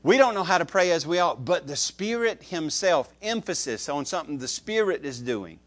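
A man preaching a sermon, who stresses key words loudly, then drops to soft, low asides and repeats phrases to his listeners. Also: sing-song, a little fast. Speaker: pastor.

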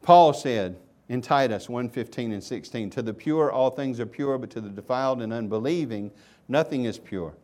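Male pastor mid-sermon: mid-range voice, earnest preaching, big shifts from loud emphasis to near-whispered asides. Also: moderate pace. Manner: preaching with wide swings from loud emphatic questions to hushed low asides. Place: church sanctuary.

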